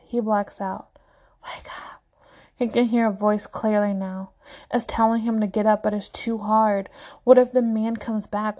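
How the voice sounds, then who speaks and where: A woman reading a story aloud in an even, quick narration with small slips. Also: fairly high pitch. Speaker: story reader. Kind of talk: reading fan fiction aloud.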